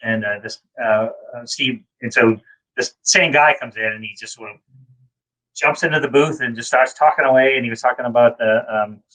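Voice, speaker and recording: A man's voice: medium pitch, normal speed, pushed and bright, rough recording. A man telling a rambling, self-deprecating story in a casual chat, over a video call. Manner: rambling, many fillers and restarts, self-deprecating. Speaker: guest.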